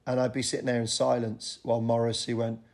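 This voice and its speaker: A man's voice: medium pitch, monotone, quick pace, vocal fry, darkish tone. A middle-aged man, a comedian guest telling a self-deprecating story on a podcast and acting out other people's lines. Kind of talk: anecdotal podcast chat.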